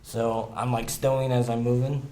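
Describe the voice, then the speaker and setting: A man's voice: mid-range voice, normal speed. A man playing a tabletop game, talking casually and muttering numbers as he works out his rolls. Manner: counts dice rolls under his breath. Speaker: player. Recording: echoey room with steady noise.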